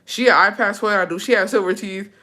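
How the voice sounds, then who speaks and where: A woman's voice: medium pitch, quick pace, bright, forceful tone. Brash, foul-mouthed woman vlogger. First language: English. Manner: brash, profane, sassy, talks to viewers as besties. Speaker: vlogger reacting to a story. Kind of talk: casual storytime chat.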